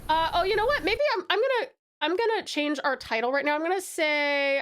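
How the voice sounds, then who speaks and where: Speaking at normal speed, this woman has a high, fairly bright voice with lively intonation. She's from Tasmania and keeps up casual, bubbly chatter with her viewers while gaming, laughing a lot, with faint game music behind her.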